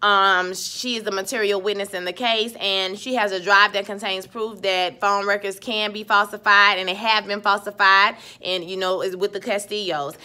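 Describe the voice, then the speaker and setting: A woman vlogger giving a chatty, slangy, animated episode recap. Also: medium pitch, moderate pace, hardly any pauses.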